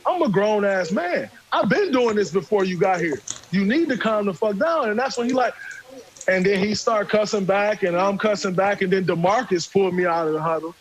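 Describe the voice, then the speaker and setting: A man, casually telling a profane, animated story and acting out what people said. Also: high voice, brisk, a little hiss or hum, low-quality recording. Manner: animated, profane, acts out quotes. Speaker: podcast guest storyteller.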